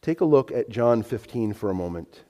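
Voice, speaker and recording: A male pastor preaching a sermon in an animated, emphatic way that moves between soft and loud. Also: mid-range voice, normal speed, long reverb tail. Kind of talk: expository sermon.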